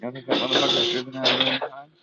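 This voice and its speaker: A man's voice: medium pitch, completely flat delivery, very fast, lo-fi sound, very noisy. A man, livestreaming as he walks outdoors by the water, talking casually, cursing often and ranting, a bit out of breath. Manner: profane, rambling, ranting.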